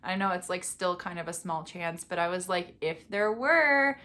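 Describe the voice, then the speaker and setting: A young woman in a casual storytime vlog, telling her story in an animated way and acting out the quotes. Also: fairly quick. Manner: animated storyteller, acts out quotes with big pitch jumps. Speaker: vlogger.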